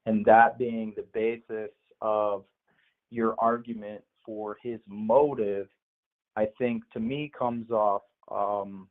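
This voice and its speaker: A man calling into a political show, arguing in a measured way and insisting on finishing his point. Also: on the low side, fairly even intonation. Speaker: caller. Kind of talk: heated live call-in argument. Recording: tinny phone line.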